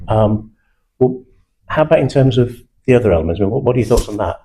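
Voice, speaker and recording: A man's voice: on the low side, lively intonation, fast, warm tone, slight background noise, low-quality recording. A man, teaching a live sales training session in a blunt, confident manner with British slang. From England (South Manchester).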